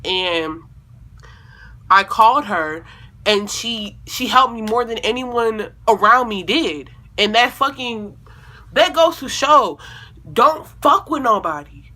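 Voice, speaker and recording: A young woman vlogger speaks slowly in a fairly high voice as she tells a personal story, casual and animated, cursing a lot and acting out what people said.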